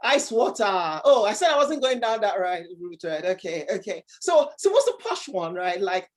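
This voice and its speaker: A woman's voice: medium pitch, big pitch swings, moderate pace. A woman hosting an online workshop over a video call, bubbly, laughing often and full of exclamations. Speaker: workshop host.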